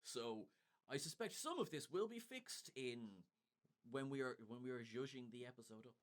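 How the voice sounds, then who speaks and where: A man's voice: medium pitch, expressive, normal speed. A man co-hosting a podcast, recapping an episode in casual chat with wry, sardonic asides. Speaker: podcast co-host.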